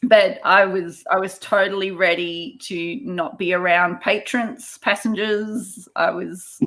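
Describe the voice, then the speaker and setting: A woman's voice: lowish voice, steady tone, takes it slowly, a bit bright. Chatty woman guest. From Australia. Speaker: podcast guest, casino surveillance worker. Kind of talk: casual interview chat.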